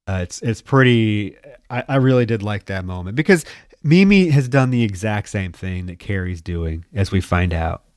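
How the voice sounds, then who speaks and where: Smooth-voiced male podcast co-host. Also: on the low side, lively intonation, moderate pace, a little mellow, no echo, clean studio sound. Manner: loose, profane plot recap. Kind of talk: casual film discussion.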